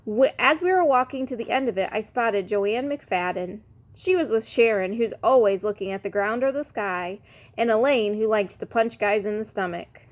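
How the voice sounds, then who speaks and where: A woman reading a children's chapter book aloud in a lively, expressive way. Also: mid-range voice, moderate pace. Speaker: reader.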